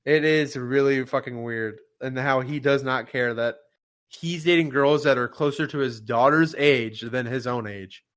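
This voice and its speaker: A man in casual podcast chat, talking in an animated, indignant way and swearing a lot. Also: medium pitch, a little slow, clean tone.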